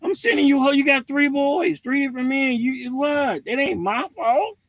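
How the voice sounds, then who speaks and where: A man's voice: extremely high pitch, expressive, normal speed, fairly bright tone, no room sound, pitched above the performer's own voice, heavily acted, low-quality recording. A man voicing an exasperated God who scolds a complaining woman in an incredulous tone.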